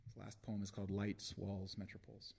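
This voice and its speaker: A man giving a live poetry reading in a concert hall, slow and deliberate with dramatic pauses, into a stage microphone. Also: fairly low pitch, monotone, gravelly, a little mellow, husky. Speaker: poet.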